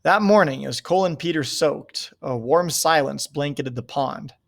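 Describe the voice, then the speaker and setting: A man reading a novel aloud in a steady, measured way. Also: on the high side, creaky. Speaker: reader.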